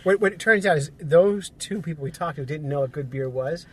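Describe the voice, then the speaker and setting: A man's voice: a little high, fairly quick, breathy edge. A man co-hosting a casual road trip podcast, teasing and telling funny stories from inside a moving car. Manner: joking, storytelling, teasing. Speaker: podcast co-host.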